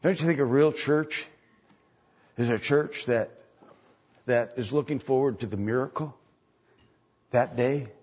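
A man's voice: medium pitch, unhurried, long pauses, darkish tone, husky. A man preaching as a pastor, repeating lines and asking the congregation rhetorical questions, on a dull lo-fi recording. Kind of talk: sermon.

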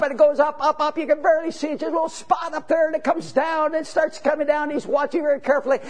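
A male preacher telling a story in his sermon, with many fillers, and building from quiet to shouted lines. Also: very high-pitched.

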